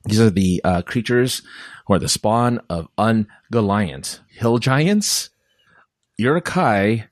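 A man's voice: fairly low pitch, expressive, slow pace, dry recording, studio quality. A man co-hosting a podcast, reading quiz questions aloud in a casual, playful way and laughing often. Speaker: podcast co-host.

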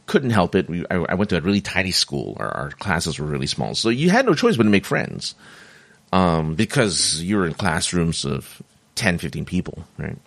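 A middle-aged man with a very low voice talks through a personal story in a loose, rambling way, doubling back and laughing at himself. He has the hiccups. The sound is dry and close, with no room echo. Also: big pitch swings, moderate pace, creaky. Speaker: vlogger sharing personal stories. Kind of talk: casual monologue.

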